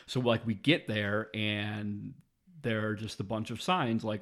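A man's voice: fairly low pitch, fairly even intonation, slow, vocal fry, fairly bright tone. A man in his twenties telling a travel story in a rambling, casual way, full of fillers and the odd swear word.

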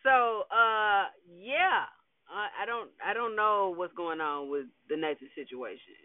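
A man's voice: high voice, animated, a little slow, dry recording. A man casually recapping a TV episode, slangy, laid-back and wry, with lots of fillers and asides. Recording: dry tinny phone-like audio.

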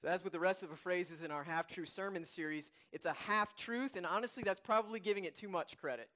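A male pastor delivering a Sunday sermon in a slightly higher voice. He leans hard on key phrases and says them twice. When he reads scripture he slows right down and softens. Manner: emphatic, repeats key phrases; reads scripture slowly and softly.

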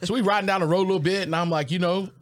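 An animated young man spins a long, slangy story in casual talk. His voice sits high. He tells it with loud bursts of excitement. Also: very fast. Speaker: co-host.

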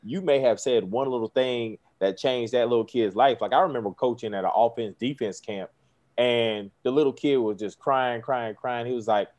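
A man who coaches football tells lively stories in casual chat and acts out the kids' lines. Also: medium pitch, normal speed. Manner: animated storyteller, acts out kids' voices, laughs often.

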